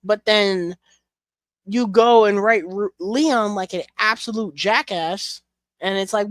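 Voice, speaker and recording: A young man talks casually and loosely, rambling through fillers and blunt swearing. His voice sits a bit high for a man. The sound is close and dry. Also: slow, fairly bright tone, no echo. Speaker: collection reviewer. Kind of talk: casual chat.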